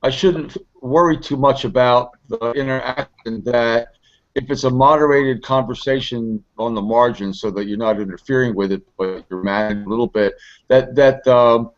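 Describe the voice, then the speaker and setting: An older man with gray hair speaks hesitantly and thoughtfully, filling his pauses as he works out his questions. His voice sits in a middle range. The recording is slightly muffled. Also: mid-range voice. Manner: hesitant, thoughtful, many fillers. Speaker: neighborhood activist. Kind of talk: conversational discussion.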